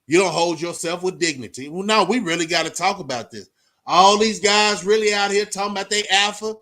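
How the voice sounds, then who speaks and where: A man's voice: high-pitched, a little fast, bright, forceful tone. A man vlogging casually to the camera, preaching about life in a streetwise way and filling his talk with "man" and "you know what I'm saying". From Austin, Texas.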